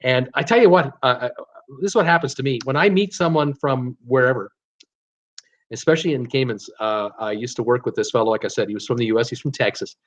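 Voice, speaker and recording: A man with a medium-pitched voice and quick pace hosts a cruise channel live stream from a home room with a computer, reading out chat messages. He's from Canada, with a slight Canadian accent, and his chatty replies are packed with laughter, fillers and restarts.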